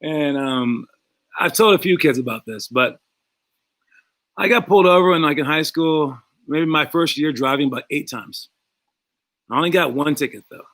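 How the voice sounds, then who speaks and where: An adult man past college age coaches young basketball players, speaking calmly and conversationally while acting out the voices of people in his stories. His pitch is medium, and the recording has no room sound.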